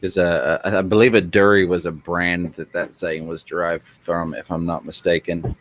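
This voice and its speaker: A man in laid-back casual podcast chat, wry and relaxed. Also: low-pitched, moderate pace, a little hiss or hum.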